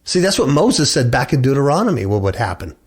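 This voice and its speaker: A man's voice: medium pitch, sing-song, fast, breathy edge. A middle-aged man hosting a radio show, preaching and reading scripture aloud. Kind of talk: preaching bible commentary.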